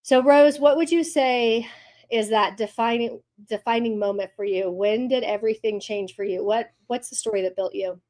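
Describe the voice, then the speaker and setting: A woman's voice: fairly high pitch, moderate pace, a little mellow. A woman hosting an interview podcast, upbeat, asking open questions. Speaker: podcast host.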